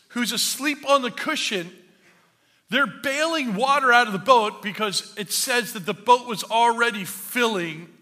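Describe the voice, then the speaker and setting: A male pastor preaches with a high, bright voice that rings through a large hall with a long echo. He tells stories that poke fun at himself, then builds to emphatic points, and his words hang in the reverb of the room. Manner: storytelling with self-mocking humor, then building to emphatic preaching. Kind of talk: sermon. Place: church hall.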